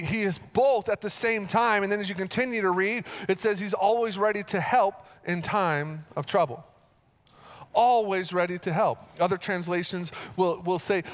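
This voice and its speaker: With a voice pitched high, a pastor delivers an earnest sermon, circling back to repeat phrases as he rises into lively, animated storytelling.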